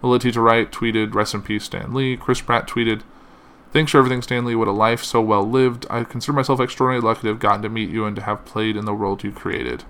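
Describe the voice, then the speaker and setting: A man with a bright, forceful tone and a somewhat low voice reads tributes aloud. He halts often, with fillers and self-corrections, and sounds shaken enough that he struggles to keep going. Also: fairly even intonation, fast, smooth. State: emotional, finding it hard to continue. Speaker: commentator reading tributes. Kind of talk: reading statements aloud.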